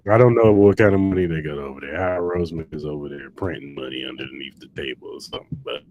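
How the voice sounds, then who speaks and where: A man's voice: rumbling low, lo-fi sound, slight background noise. A man co-hosting a podcast, chatting casually about sports in a laid-back, teasing way. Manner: laid-back, teasing, drawn-out one-liners. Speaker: podcast co-host.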